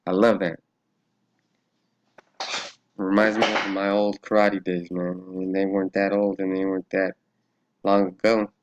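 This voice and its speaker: A man with a somewhat low voice hosts his own religious vlog. He talks through a Bible study in a loose, profane way, laughing often and thinking aloud as he reads. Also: flat delivery, unhurried, long pauses, lo-fi sound, slight background noise. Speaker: religious vlogger.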